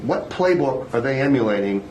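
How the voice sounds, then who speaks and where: A male reporter asks long, probing questions from the floor of a press briefing. His voice is mid-pitched and even. The briefing room adds a clear echo, with a faint hum in the background. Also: normal speed, lo-fi sound.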